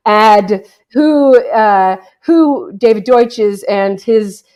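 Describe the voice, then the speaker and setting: A woman's voice: mid-range voice, very slow, a little mellow. A woman hosting a casual podcast chat with friends, playful and bossy, often laughing. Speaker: podcast host.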